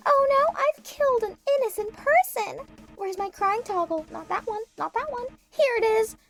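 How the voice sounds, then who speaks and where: Brief: very high-pitched, cutesy, chaotic anime space-probe girl; comedy audio drama, faint music under. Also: moderate pace, creaky. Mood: mock distress. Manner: babyish cutesy talk flipping to blunt swearing.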